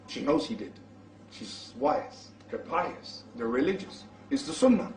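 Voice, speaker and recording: A man preaching in the style of a storytelling sermon, animated as he acts out the dialogue. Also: medium pitch, measured pace, distant mic. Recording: roomy echo from off-mic.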